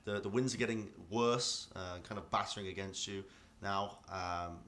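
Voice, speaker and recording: A man narrating as dungeon master for a tabletop game, rambling and relaxed, with many fillers. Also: lowish voice, moderate pace.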